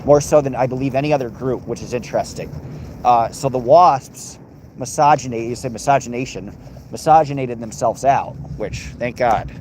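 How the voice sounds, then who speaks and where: A man's voice: medium pitch, fairly quick, a little mellow, a little hiss or hum. An American man hosting a livestream, reading and answering chat in a crude, sarcastic, rambling way. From United States.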